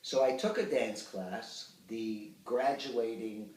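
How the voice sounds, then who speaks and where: A man in his sixties, an actor telling expressive anecdotes with hesitant fillers in an interview. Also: on the low side, slow pace. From Ottawa, Canada. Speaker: actor and puppeteer, interview guest. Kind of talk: reminiscing interview. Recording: roomy sound, distant from the mic.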